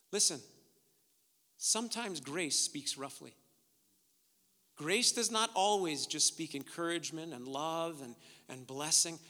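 A man preaching a sermon, retelling scripture and swinging from hushed, intimate lines to loud, emphatic ones. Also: a little high, big-room sound. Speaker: pastor.

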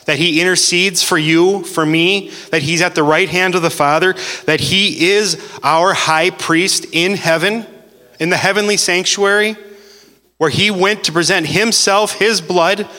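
A man preaching a sermon with earnest, repetitive phrasing, slowing down to stress key words. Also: a little high, pushed and bright. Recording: long hall reverb.

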